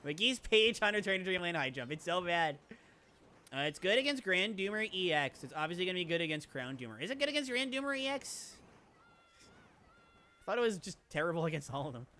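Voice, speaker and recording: A playful male streamer chats with his viewers in a high, bright voice. His pitch swoops all over as he rambles, restarts and reads out chat. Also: sing-song, a little fast. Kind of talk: casual live-stream chat.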